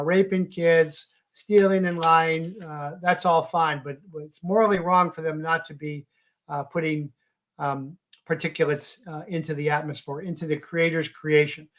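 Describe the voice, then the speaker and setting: A man giving a halting, emphatic monologue full of fillers. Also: a little high. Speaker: commentator. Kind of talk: monologue commentary.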